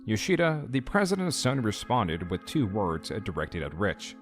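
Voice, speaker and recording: A man reading scripted documentary narration in a measured, critical, even delivery. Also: lowish voice. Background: faint background music.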